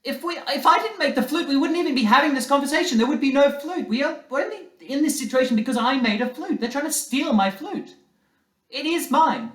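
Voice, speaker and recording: A man doing a shrill indignant little boy. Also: lively intonation, fairly quick, fairly bright tone. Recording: roomy hall, distant mic.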